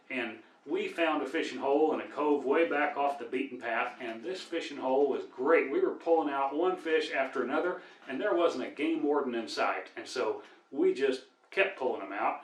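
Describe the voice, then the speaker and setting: An older man, a storyteller and cowboy singer with an American Midwestern accent, tells folksy tall tales and jokes in a dry, deadpan way. His voice is average in pitch, captured from a distance in an echoey room.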